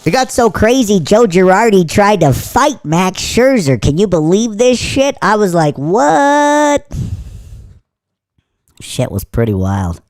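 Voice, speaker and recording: A man's voice: sits high, sing-song, normal speed, few pauses, dry recording, clean studio sound. A man hosting a sports talk livestream with his voice altered by inhaled helium, trading crude jokes and banter with his chat. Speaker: sports talk show host.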